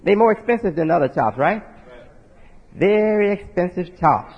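Here a preacher speaks at a moderate pace in a high, slightly rough voice with lively intonation and vocal fry. His folksy teaching spells out words, often checks in with the listeners and adds rhetorical asides ending in "right?". Dull lo-fi sound and a long hall reverb color the clip.

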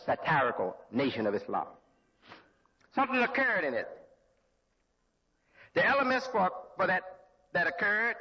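A man preaching a sermon as a religious leader, slow and deliberate, with pauses and restarts. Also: on the high side, husky. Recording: lo-fi hall recording with long reverb.

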